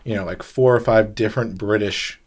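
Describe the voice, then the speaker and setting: A man's voice: on the low side, steady tone, brisk. A man co-hosting a podcast in casual chat, rambling and restarting his sentences often. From grew up overseas. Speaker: podcast co-host.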